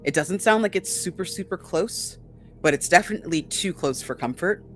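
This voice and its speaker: A tabletop player describes their character's moves in steady, mid-pitched narration. Faint music sits behind the voice. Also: normal speed.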